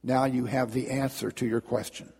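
A man acting out a haughty emperor who snaps out commands, his voice a little husky. The words ring on in a long hall echo. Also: mid-range voice, little pitch movement, moderate pace, mellow. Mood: solemn. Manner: indignant, commanding. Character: imperious proud emperor, middle-aged man.

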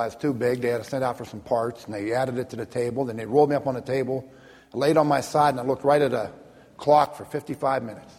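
A man with a husky, gravelly voice giving a spoken personal testimony, telling the story plainly and deliberately with long lists and quoted dialogue. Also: medium pitch. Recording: long reverb of a large hall.

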